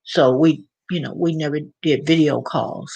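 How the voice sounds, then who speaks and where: A woman's voice: low voice, fairly even intonation, unhurried, vocal fry, warm tone, husky. A middle-aged woman hosting her own channel, chatting casually and rambling with many restarts. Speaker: channel host. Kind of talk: casual livestream chat.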